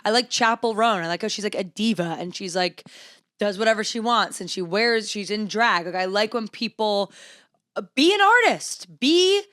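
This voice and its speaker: A woman's voice: medium pitch, animated, moderate pace, fairly bright tone, dry recording. Teasing young woman podcast co-host, dry sound. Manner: chatty, teasing, rambling with many "like"s. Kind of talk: casual chat.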